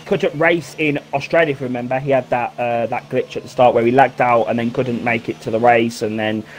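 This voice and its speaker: A British man giving casual live commentary on an online racing league, chatty and teasing, jumping into excited shouts. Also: medium pitch, a little fast, slight background noise. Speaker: race commentator.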